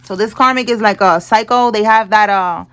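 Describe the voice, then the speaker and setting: A woman's voice: medium pitch, normal speed, fairly bright tone. A woman giving a casual tarot reading, chatty and blunt, laughing often and using street slang. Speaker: tarot reader.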